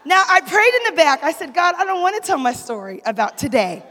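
A woman's voice: sits high, big pitch swings, fairly quick, fairly bright tone. A woman preaching a sermon in a church, telling a story with lots of energy and calling out to the congregation for responses. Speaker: pastor's wife preaching. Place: church sanctuary. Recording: long hall reverb.

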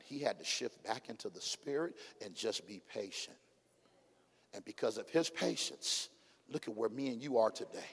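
A middle-aged male pastor with an African American Vernacular English accent, preaching a sermon with call-and-response and swinging from hushed to shouting. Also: mid-range voice, very animated, moderate pace, pauses often, husky. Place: church sanctuary. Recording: long hall reverb.

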